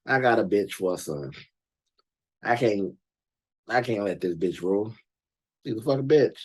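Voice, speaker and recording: A man voicing a disgusted father, grumbling in flat disdain. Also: lowish voice, moderate pace, husky, voice pushed down.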